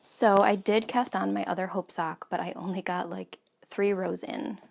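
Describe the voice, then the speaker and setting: A woman's voice: medium pitch, fairly even intonation, moderate pace, vocal fry, hardly any pauses, slightly rough. A woman in her thirties hosting a casual knitting podcast from home, chatty and full of ums. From United States. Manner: chatty, many ums, soft asides. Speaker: podcast host. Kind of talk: casual chat.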